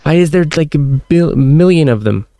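A man's voice: on the high side, expressive, moderate pace, mellow, no room sound. A young man commenting on a horror shooter as he plays, with jumpy, self-mocking reactions. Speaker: gaming streamer. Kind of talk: let's-play commentary.

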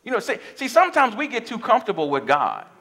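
A man's voice: very high voice, wildly swooping pitch, fast, bright, forceful tone. A man preaching a sermon as pastor of his church, impassioned, with call-and-response asides to the congregation. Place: church sanctuary.

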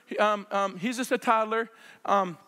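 A middle-aged man preaching a sermon, telling healing stories with excited shouts and laughter. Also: sits high, moderate pace, in a large hall. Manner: excitable storyteller, shouts and laughs while acting out scenes. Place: church sanctuary.

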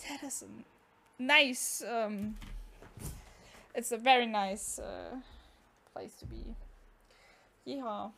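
A woman's voice: on the high side, extremely slow, creaky, long pauses, bright, forceful tone, slight background noise. Chatty young woman streaming a game. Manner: chatty, exclaiming, talks to chat. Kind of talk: casual gameplay commentary.

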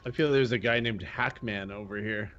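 A man's voice: on the low side, moderate pace, a bit bright, muffled recording. A man chatting casually while gaming with friends, with a dry, teasing manner. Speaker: gamer on a playthrough show.

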